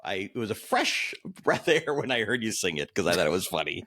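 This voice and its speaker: A man's voice: fairly low pitch, big pitch swings, quick pace, bright, forceful tone. A man co-hosting a podcast, chatting casually and throwing in wry, teasing asides. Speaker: podcast co-host.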